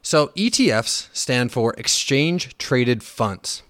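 A man's voice: mid-range voice, takes it slowly, no room sound, studio quality. A man hosting a casual solo finance podcast, blunt and profane, ranting with fillers and restarts. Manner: animated when riled, with fillers and restarts. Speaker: podcast host.

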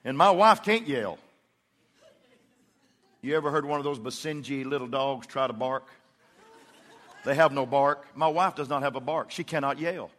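A man's voice: medium pitch, normal speed, pauses often, a bit bright, big-room sound. A middle-aged man preaching a sermon as pastor, telling folksy stories and acting out quotes from his congregation. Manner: folksy storytelling with acted-out quotes. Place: church.

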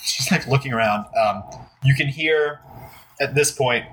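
A man's voice: medium pitch, a little slow, fairly bright tone, slight background noise, rough recording. A man narrating as game master, describing the scene loosely with lots of "like" and "um".

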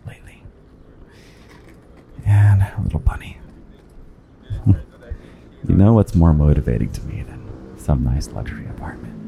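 A man's voice: very deep voice, gravelly, mellow. A man hosting a flirty, rambling walking podcast outdoors, slightly out of breath, laughing often. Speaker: podcast host. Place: outdoors on busy city streets. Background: traffic and construction noise.

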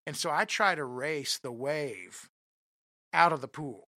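A man telling a comic personal story in an animated, self-deprecating way, often talking straight to his listeners. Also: on the high side, measured pace, no room sound, clean studio sound.

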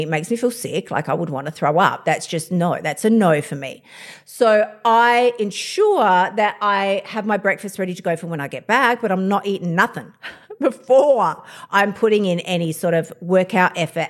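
A woman hosting a motivational podcast, blunt and fired up, swearing freely as she talks about her routine. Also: mid-range voice. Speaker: podcast host.

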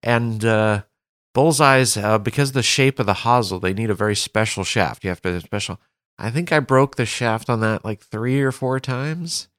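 A man co-hosting a podcast as a caddie, telling stories in an animated way and laughing often. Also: medium pitch, moderate pace, no room sound, clean studio sound. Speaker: golf caddie, podcast co-host. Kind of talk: casual chat.

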